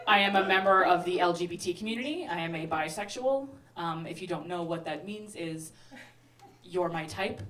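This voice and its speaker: A woman's voice: fairly low pitch, fairly bright tone. Sardonic woman in her thirties doing stand-up. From Brooklyn, New York, raised in Texas. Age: 30s. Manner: quick, sardonic, acts out characters. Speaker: stand-up comedian. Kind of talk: stand-up comedy set. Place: comedy club stage. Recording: roomy club recording, heard from a distance. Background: audience laughing.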